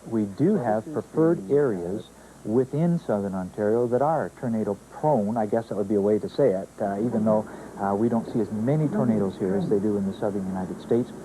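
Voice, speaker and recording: A male weather forecaster explaining in an interview, speaking haltingly with many pauses and fillers. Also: on the low side, warm tone, poor audio. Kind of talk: interview answers.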